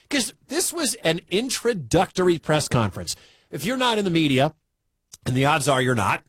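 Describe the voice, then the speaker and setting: A man's voice: fairly high pitch, fairly bright tone, slightly rough, no echo. A man from the Midwestern US hosting a sports talk radio show, chatty and incredulous.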